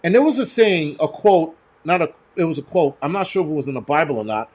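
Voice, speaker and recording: A man's voice: fairly high pitch, animated, quick pace, darkish tone. A man who works as a firefighter hosts a livestream, ranting bluntly and profanely and telling stories from work. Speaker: host and firefighter. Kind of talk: livestream rant and storytelling.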